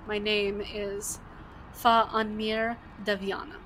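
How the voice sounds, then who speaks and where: A woman voicing a stern male fort commander who speaks in a slow, clipped, formal way. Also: mid-range voice, level tone, a bit bright, slight background noise.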